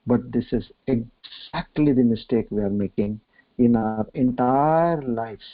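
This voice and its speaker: Slow Indian-accented man telling a parable. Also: mid-range voice. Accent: Indian English. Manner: unhurried storyteller, pauses often. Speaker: spiritual discourse speaker. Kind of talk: scripture discourse with storytelling. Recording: tinny phone-like line, dry.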